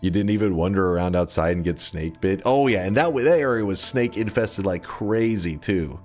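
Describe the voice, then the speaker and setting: A man's voice: low voice, moderate pace, darkish tone, faint music behind. A man streaming a game live, rambling through stories in a casual, foul-mouthed way at a desk microphone. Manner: rambling storyteller, swears freely, laughs often.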